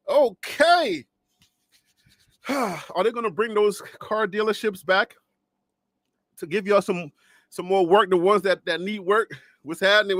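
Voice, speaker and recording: A man's voice: high-pitched, a bit bright, no echo. A man from Liberia hosting a live sports show, chatting playfully with viewers and laughing often. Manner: playful, laughing, teasing the chat. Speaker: host. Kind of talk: casual live-stream chat.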